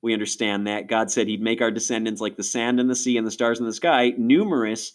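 A middle-aged man from Rochester, New York, talks through a subject in a podcast conversation. His voice sits a little low. He keeps it animated with quick asides as he explains. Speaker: ministry guest speaker.

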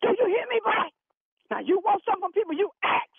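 A woman's voice: very high voice, very animated, very fast, vocal fry, no room sound, exaggerated voice. A woman playing a sassy secretary, scolding a caller over the phone. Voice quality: preachy, scolding, sharp-tongued. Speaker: church secretary answering the phone. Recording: tinny phone line, dry.

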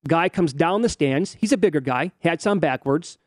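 Animated man, dry studio mic. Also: a little high, normal speed, no echo. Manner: animated, mock-outraged, acts out fans' lines. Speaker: sports betting radio host. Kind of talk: casual sports talk, narrating fan videos.

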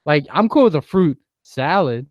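A man in casual, profane chat, dry and quick-witted. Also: a little high, animated, no room sound, dull audio.

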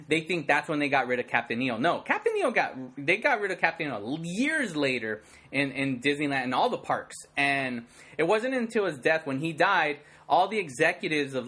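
Excitable man, bright voice. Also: fairly high pitch. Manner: excitable and rambling, fills speech with "like" and acted-out sound effects. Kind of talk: casual chat.

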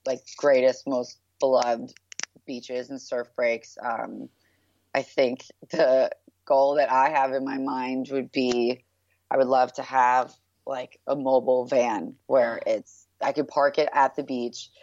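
A woman's voice: a bass voice, level tone, slow, darkish tone. A woman in her thirties from New York, guest in an interview, talking in a chatty, upbeat way with many filler words. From New York, USA. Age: 30s. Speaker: guest, brand founder. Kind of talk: casual interview chat. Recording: dull, lo-fi and dry.

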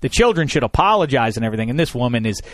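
A man in his thirties hosting a radio talk show, telling a story in a lively, sarcastic way. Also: medium pitch, racing, no echo. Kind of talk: casual storytelling chat.

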